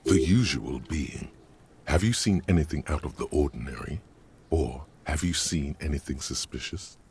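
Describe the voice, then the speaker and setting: A man voicing a grave inner narrator in a video game, reading slowly. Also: very deep voice, expressive, darkish tone, husky, voice pushed down, exaggerated voice.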